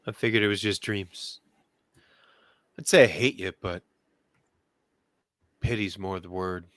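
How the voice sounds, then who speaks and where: A man's voice: sits low, steady tone, measured pace, fairly bright tone, dry recording. A man putting on a sneering Chicago vampire. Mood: taunting. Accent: Chicago (put on). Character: menacing sneering male vampire double, dark alter ego. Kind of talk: voicing a character in a tabletop game.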